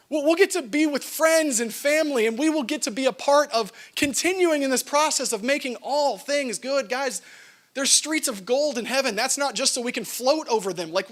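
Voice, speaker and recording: A man's voice: very high-pitched, fairly bright tone. A man, preaching a sermon in a conversational storytelling manner with frequent asides. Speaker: pastor.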